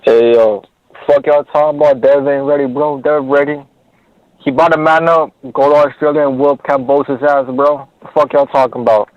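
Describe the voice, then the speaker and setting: A man's voice: fairly high pitch, fairly even intonation, moderate pace, no room sound. A man calling in to a show, arguing in a heated, profane rant. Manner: profane, heated, forceful argument. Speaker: caller. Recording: dull phone line.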